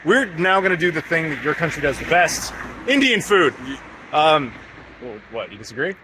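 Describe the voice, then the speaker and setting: A man's voice: on the high side, sing-song, normal speed, background noise. A man from the United States casually vlogging outdoors on town streets, chatty and joking with lots of fillers. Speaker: travel vlogger. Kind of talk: casual walking vlog.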